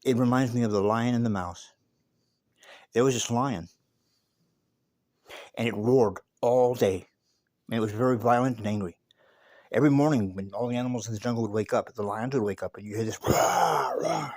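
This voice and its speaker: A man's voice: mid-range voice, fairly quick, long pauses, a little mellow, no room sound, clean studio sound. A man giving a casual spoken monologue and telling a story, emphatic and profane, often repeating words as he goes.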